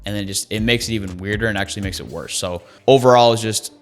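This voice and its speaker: A man's voice: fairly low pitch, fast talker, faint music behind. A man giving sales training in an emphatic, conversational way, repeating his key phrases. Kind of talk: coaching talk on sales calls.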